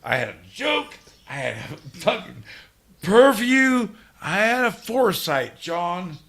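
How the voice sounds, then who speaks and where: A drunk man co-hosting a podcast, delivering a profane mock-angry rant with sudden shouted outbursts. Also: high-pitched, sing-song, a little slow. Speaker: podcast co-host. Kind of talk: casual chat.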